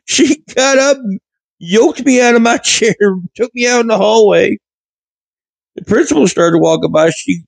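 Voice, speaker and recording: Guy rambling through old stories, keeps correcting himself, slightly high voice, dry close mic. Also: lively intonation, moderate pace, gravelly, dry recording, rough recording. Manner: rambling, frequent self-corrections. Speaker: vlogger. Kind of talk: casual storytelling monologue. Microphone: studio mic with pop filter.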